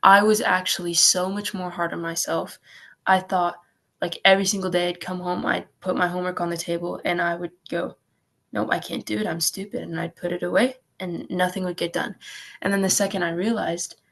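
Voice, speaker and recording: Earnest teen girl, gravelly low voice. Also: level tone, fairly quick, a bit bright. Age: teens. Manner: earnest, upbeat, fillers of "like". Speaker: guest. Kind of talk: casual interview talk.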